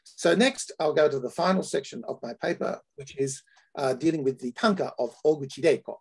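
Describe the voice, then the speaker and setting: A man with an Australian accent giving an academic lecture, halting with frequent fillers and restarts. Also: fairly high pitch, vocal fry, husky.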